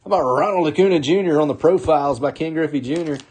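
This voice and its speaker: Male card-break host, slightly high voice, upbeat live commentary calling out pulls. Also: darkish tone, breathy edge. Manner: upbeat, calls out names in quick bursts, chuckles often.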